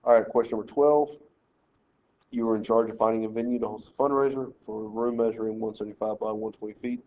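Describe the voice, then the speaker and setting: A man's voice: on the low side, steady tone, quick pace, darkish tone, muffled recording, slight background noise. A man teaching a math lesson, working through problems step by step and telling students how to lay out their work. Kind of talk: screen-recorded math lesson walkthrough.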